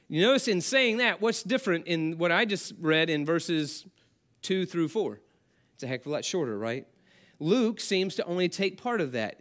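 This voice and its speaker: A man preaching a sermon as pastor, talking conversationally and asking the congregation questions. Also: a little high.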